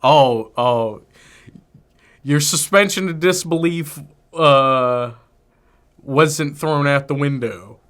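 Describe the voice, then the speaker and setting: A man's voice: on the high side, clean tone. A man co-hosting a film review podcast, chatting casually and giving opinionated, emphatic takes. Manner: animated, opinionated, drawn-out emphasis. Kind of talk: casual movie review chat.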